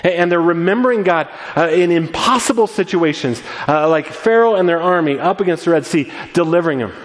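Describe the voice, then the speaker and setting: A man preaches in an animated, earnest way, stumbling and restarting as he builds his points. His voice sits fairly high. The sound carries a long reverb from a large church room. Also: fairly quick. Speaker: pastor. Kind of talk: sermon.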